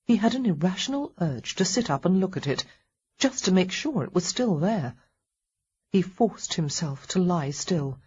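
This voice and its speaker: A woman narrating a historical romance audiobook in a calm, even storytelling manner. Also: on the low side, normal speed, husky, highs cut off. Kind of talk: scripted narration.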